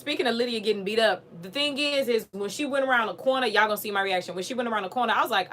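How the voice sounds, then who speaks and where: A woman hosting a live stream, chatting casually with her viewers in a lively, profane, fired-up way. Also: a little high, very fast, a little hiss or hum. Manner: animated, profane, talks straight to viewers.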